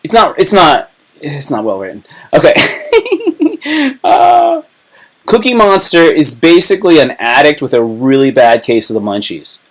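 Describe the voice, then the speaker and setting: A man's voice: mid-range voice, sing-song, moderate pace, poor audio. Rambling, joking man hosting a livestream. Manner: rambling, joking, heavy slang. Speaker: livestream host. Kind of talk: casual livestream chat.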